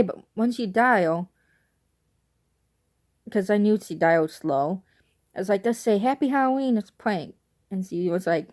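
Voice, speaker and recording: A woman's voice: mid-range voice, darkish tone. A young adult woman vlogging, telling a casual, rambling story that turns wistful at times.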